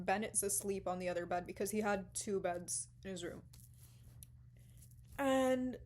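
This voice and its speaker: Young woman telling a wild storytime. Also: medium pitch. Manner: animated, dramatic retelling with swearing and sudden whispers. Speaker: vlogger. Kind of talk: casual storytime vlog.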